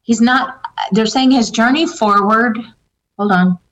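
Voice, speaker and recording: This psychic medium has a fairly high, slightly bright voice and keeps a measured pace as she responds to viewer questions. She hesitates throughout, with fillers and restarts as she relays what the spirits tell her. The sound is dull lo-fi.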